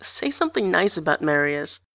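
A woman's voice: low-pitched, sing-song, normal speed, gravelly, fairly bright tone, no room sound, full character voice. An earnest, blunt teenage boy from a storybook, read by a woman who says exactly what he means. The voice sits slightly above the reader's own, in a close, dry recording. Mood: insistent.

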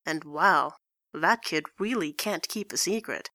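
An earnest, exasperated young man, voiced by a woman reading a story aloud. He speaks with careful, strained patience in a somewhat low, bright voice. The recording is dry and close. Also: a little slow, dry recording, heavily acted.

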